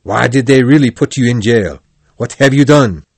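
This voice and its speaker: A man's voice: medium pitch, normal speed, a little mellow, breathy edge, no room sound. A man voicing a kindly, plain-spoken male truck driver in a storybook reading. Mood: stern.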